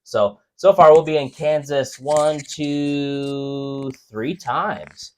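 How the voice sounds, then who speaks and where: A man's voice: on the high side, drawn-out words, slight background noise. A man around thirty co-hosting a podcast, talking crudely and casually in a laid-back way with lots of fillers. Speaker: podcast co-host.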